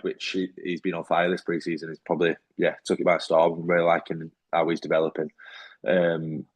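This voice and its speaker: A man talking as a rugby league player in a casual interview, easygoing and rambling, with many fillers and restarts. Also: low voice.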